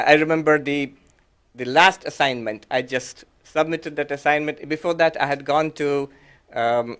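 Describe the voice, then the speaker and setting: A monk gives a reflective, conversational talk to an audience in a mid-range voice, patiently explaining ideas step by step, with many fillers and restarts along the way.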